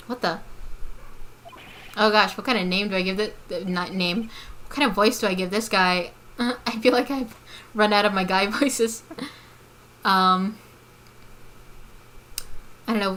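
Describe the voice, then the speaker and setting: A woman's voice: medium pitch, normal speed, long pauses, pushed and bright, a little hiss or hum. A woman streamer giving casual, giggly commentary while playing through a game. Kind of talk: casual let's-play commentary.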